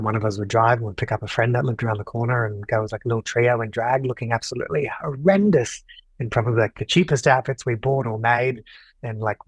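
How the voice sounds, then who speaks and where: A man's voice: mid-range voice, no room sound, low-quality recording. A young man, guest on a podcast, telling a personal story casually and acting out quoted lines. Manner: animated, acts out quoted dialogue.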